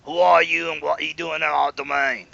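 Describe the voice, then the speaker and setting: A man's voice: a little high, little pitch movement, brisk, gravelly, bright, forceful tone, no echo, muffled recording, heavily acted. A man voicing a greedy, demanding bandit leader in a tabletop game, speaking haughtily. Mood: haughty. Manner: haughty, bargaining.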